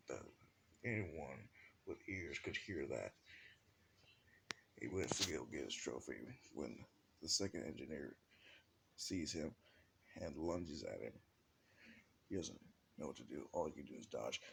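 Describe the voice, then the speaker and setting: A man's voice: extremely low pitch, creaky, a bit bright, slight background noise. A man telling an improvised fan-fiction story in a rambling way, with many restarts.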